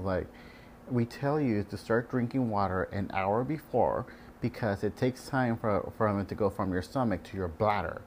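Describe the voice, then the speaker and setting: A man's voice: fairly low pitch, lively intonation, normal speed, darkish tone, slight background noise. A man working as an ultrasound technologist, ranting casually and candidly about patients, swearing freely and mimicking them.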